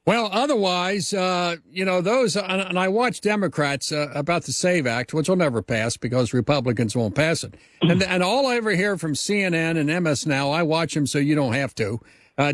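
A man hosting a political talk interview, rambling through his points with halting fillers before putting questions to his guest. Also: on the high side, no room sound, studio quality. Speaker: talk show host.

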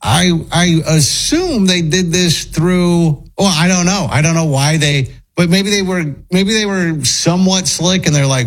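A male talk-show host with a somewhat high voice tells stories in a mocking, incredulous way. He banters loosely with his co-hosts. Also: measured pace, few pauses, low-quality recording.

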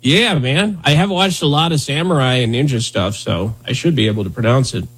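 A man's voice: mid-range voice, brisk, fairly bright tone, slightly rough. A man in his thirties hosting a podcast in casual comedic chat, sarcastic and rambling with jokey asides. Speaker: podcast host.

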